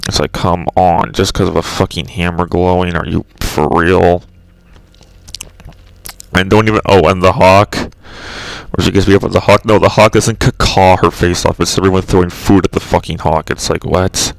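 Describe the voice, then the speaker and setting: A man with a low, gravelly voice rambles through an exasperated, profanity-laced rant on his own channel. The sound is close and dry, with no room in it. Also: steady tone, moderate pace, no echo, poor audio. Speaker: channel host. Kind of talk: casual rambling video commentary.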